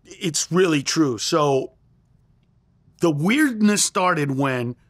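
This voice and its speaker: Middle-aged male comedian as guest, animated storyteller, high and expressive, close dry studio mic. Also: extremely slow, no echo. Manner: acts out quoted lines in a raised voice.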